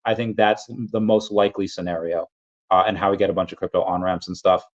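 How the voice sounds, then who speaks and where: Low-voiced man chatting on a livestream. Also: steady tone, quick pace, lo-fi sound. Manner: rambling, reads viewer comments aloud. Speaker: livestream host. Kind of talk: casual livestream chat.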